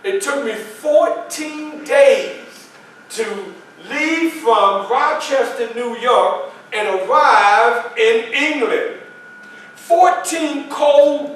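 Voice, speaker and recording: Guy playing frederick douglass onstage, slow and emphatic, echoey and far from the mic. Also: extremely high pitch, a bit bright, slight background noise, full character voice. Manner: storytelling, dramatic pauses, emphatic. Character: Frederick Douglass, adult male statesman recounting his life. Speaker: historical reenactor. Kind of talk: first-person stage monologue. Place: library meeting room, live audience. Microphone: far camera. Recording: echoey room from far off, faint ambience.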